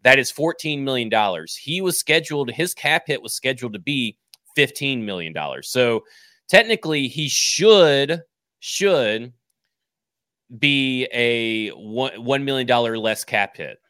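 A man breaks down sports contract figures bluntly on a talk podcast. His voice is bright and forceful at an average pitch. It sounds dry and close to the mic. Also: animated, measured pace, no room sound. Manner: blunt, numbers-heavy explaining. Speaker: podcast guest analyst.

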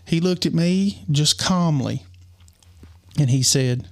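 Guy telling his story on a podcast, kinda high voice, stops and restarts a lot. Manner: earnest, halting, many restarts. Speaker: podcast co-host. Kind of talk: personal storytelling.

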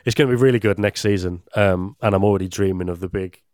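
A man's voice: sits low, quick pace, darkish tone, clear, resonant tone, no room sound, studio quality. A young man, telling a rambling story in casual podcast chat and swearing casually. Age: young adult. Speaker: podcast regular.

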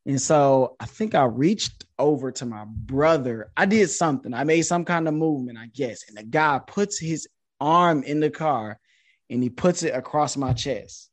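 A man in his thirties, a podcast guest, telling a story in a casual, animated way and jumping up in pitch when he quotes himself. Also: normal speed, no room sound. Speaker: podcast guest, social media influencer.

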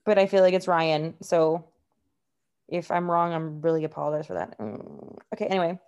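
A woman's voice: low voice, normal speed, darkish tone, smooth, muffled recording. Chatty woman co-hosting a podcast. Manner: chatty, heavy on fillers like "like" and "um"; openly exasperated about the subject. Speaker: podcast co-host. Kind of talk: casual true-crime podcast chat.

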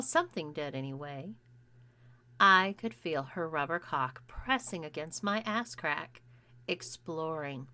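A woman narrating a first-person story in a measured, intimate reading. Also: on the low side, bright, forceful tone. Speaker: audiobook narrator.

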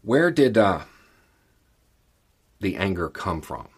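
A man's voice: deep voice, sing-song, slow pace, husky. A man giving casual, folksy political commentary straight to the camera as a regular host, with emphatic repetition.

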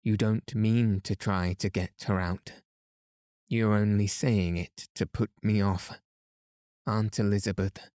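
A delirious young girl in a fever, begging and wild-eyed in a bedtime storybook, as a man reads her in his own low, unhurried voice. Her lines come out slow and hushed, with a dark, mellow tone. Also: fairly even intonation, no room sound, clean studio sound. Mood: accusing.

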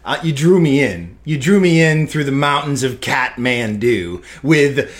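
A man co-hosting a podcast in casual chat, excitable and constantly exclaiming in disbelief. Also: mid-range voice, measured pace. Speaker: podcast co-host.

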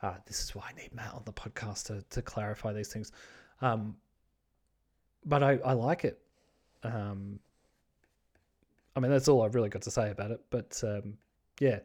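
Excitable swearing male podcast host. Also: on the low side, normal speed, pauses often. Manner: excitable, swears freely, many fillers and restarts. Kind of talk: casual solo podcast chat.

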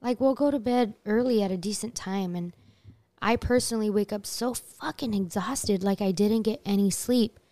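Casting note: woman co-host, casual chat, frank and swearing, mellow dry tone. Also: medium pitch, normal speed, dry recording. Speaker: podcast co-host.

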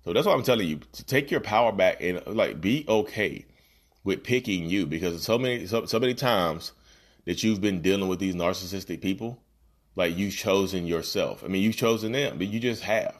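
A man with a very low voice hosts a casual podcast from home and gives encouraging self-help advice. He talks earnestly and repeats key phrases. He addresses his listeners directly as "y'all.". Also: expressive, normal speed. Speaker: podcast host. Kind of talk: casual motivational talk. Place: home, about to join a video call.

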